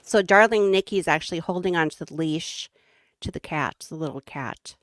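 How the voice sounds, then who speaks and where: Smooth-voiced Midwestern woman, chatty guest. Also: deep voice, normal speed, no room sound. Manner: chatty, giggly storyteller. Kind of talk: casual chat.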